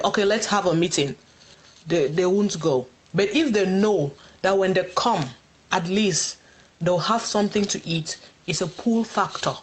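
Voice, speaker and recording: Woman, live stream host, mid-range pitch, patient explanations, reads out viewer questions, phone mic. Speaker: host of a community group's livestream.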